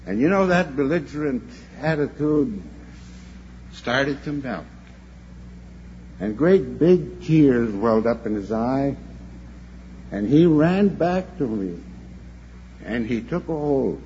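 A man's voice: mid-range voice, expressive, takes it slowly, long pauses, darkish tone. An older man preaching a sermon to a convention. He tells a story earnestly and sometimes repeats himself as he goes. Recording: dull lo-fi recording with faint hum.

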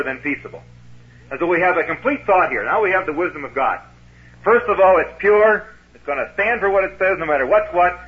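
A man's voice: fairly high pitch, bright, forceful tone, muffled recording. A man preaching a sermon in a conversational way, posing rhetorical questions to his listeners.

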